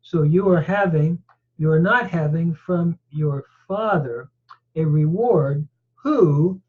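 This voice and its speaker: Slow, methodical male Bible teacher. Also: a little high, slightly rough. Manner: methodical, parses word by word with frequent hesitations. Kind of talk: slow Greek grammar lecture. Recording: dull lo-fi recording.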